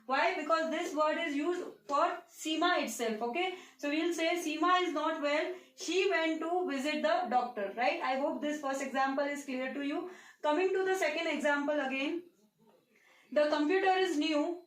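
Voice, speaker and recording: A woman teacher explaining grammar, asking questions and answering them herself. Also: sits high. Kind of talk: classroom grammar lesson. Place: classroom with a board. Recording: echoey room, voice from far off.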